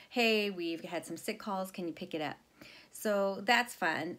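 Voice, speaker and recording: A middle-aged woman talking casually to camera in a stitching vlog, rambling and chatty, often laughing at herself. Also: fairly low pitch. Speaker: FlossTube vlogger.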